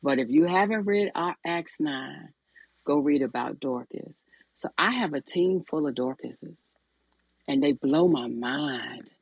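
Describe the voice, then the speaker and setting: A woman's voice: low-pitched, a little slow, breathy edge, no echo, muffled recording. A woman, the guest, speaking earnestly about her outreach group in a folksy, storytelling way. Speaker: guest, executive director of a homeless outreach group. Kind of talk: conversational interview.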